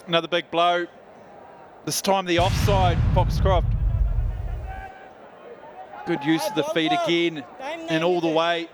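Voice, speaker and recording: A man commentating on cricket in a measured, matter-of-fact way. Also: a little high, background noise. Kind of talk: live sports commentary.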